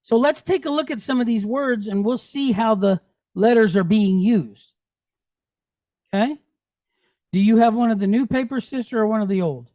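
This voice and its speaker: A man's voice: high voice, normal speed, long pauses, a little mellow, no echo. A man teaching a Hebrew class, patiently drilling sounds and checking that students follow. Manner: patient, checks understanding often; drills pronunciation aloud.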